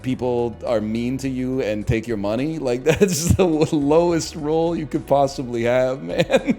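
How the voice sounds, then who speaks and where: A man streaming a game and chatting casually, animated and joking, with frequent swearing. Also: mid-range voice. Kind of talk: casual chat while gaming.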